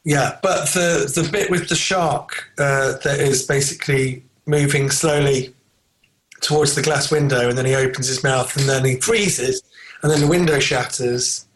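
A man's voice: medium pitch, fairly even intonation, a little slow, a bit bright, poor audio. A man co-hosting a casual film podcast, rambling through trivia with many fillers and restarts. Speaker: podcast co-host.

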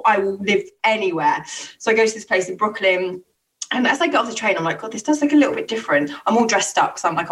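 A young woman spins a lively anecdote on a casual chat show, acting out what people said and breaking into quick laughs. She sits a little back from the mic, so her voice sounds slightly distant. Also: lowish voice. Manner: animated storyteller, quick laughs and acted-out quotes. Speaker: co-host.

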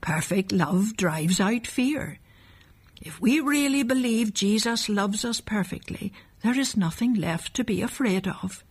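A woman voicing a gentle old grandmother in a storybook, speaking calmly and reassuringly. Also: fairly high pitch, normal speed, few pauses, slightly rough.

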